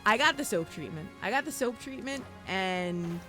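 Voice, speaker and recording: A young woman streaming a game, chatting casually and telling animated stories with frequent laughter and casual cursing. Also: mid-range voice, normal speed, faint music behind.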